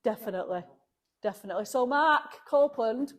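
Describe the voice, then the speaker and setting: A woman's voice: on the high side, expressive, brisk, very noisy. A woman vlogging a car restoration, chatting emotionally and laughing often. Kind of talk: casual chat to camera.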